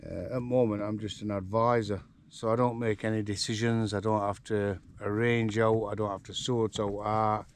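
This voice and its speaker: A man's voice: lowish voice, flat delivery, moderate pace, few pauses, slight background noise. An older man with a Yorkshire accent, chatting casually to camera on his farm and talking fondly to his donkeys. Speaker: farm vlogger. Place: outdoors in a farm paddock.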